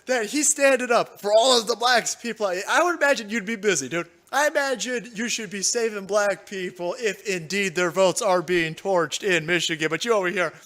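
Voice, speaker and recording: A man's voice: sits high, moderate pace, few pauses, fairly bright tone. A man hosting a political commentary livestream, swearing, mocking and laughing as he reads chat. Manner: profane, mocking, laughs often. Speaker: livestream host.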